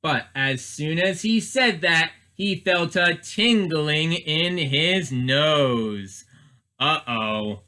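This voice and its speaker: Bright-voiced man reading a storybook aloud. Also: fairly high pitch, drawn-out words. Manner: expressive, asks listeners questions. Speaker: children's librarian. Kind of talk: storybook read-aloud for children.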